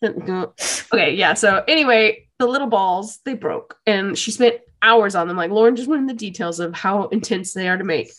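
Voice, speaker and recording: A young woman co-hosting a podcast, recapping an anime episode in gushing, animated casual chat. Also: mid-range voice, normal speed. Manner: gushing, animated storytelling with laughs. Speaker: podcast co-host.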